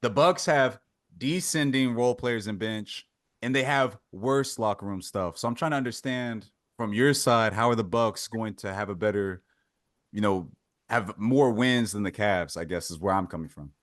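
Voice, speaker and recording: A man's voice: fairly low pitch, normal speed, fairly bright tone, no echo, studio quality. A man hosting a casual sports podcast, pushing back on points and pulling others into the discussion. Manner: pushes back, steers the talk, asks others in. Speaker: podcast host.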